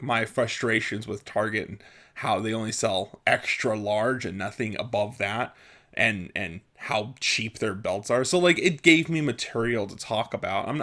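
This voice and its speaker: A man's voice: mid-range voice, pushed and bright. A young man venting in a casual vlog, exasperated and self-mocking, often laughing at his own frustration. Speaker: vlogger.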